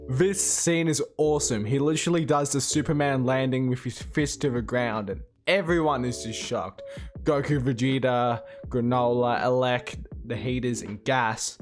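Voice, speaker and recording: A man casually recapping a comic chapter, excitable, reading out the characters' lines as he goes. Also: medium pitch, moderate pace, soft background music. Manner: excitable, retells the plot while reading out the dialogue. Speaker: manga reviewer.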